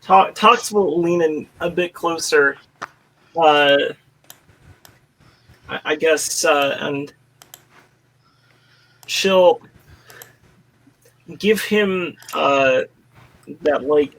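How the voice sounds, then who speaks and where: A man chats at a tabletop game in a slow, hesitant way, stopping often. His voice sits fairly high, and he takes his time searching for words. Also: a bit bright, rough recording. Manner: hesitant, halting. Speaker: player. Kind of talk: casual tabletop game chat.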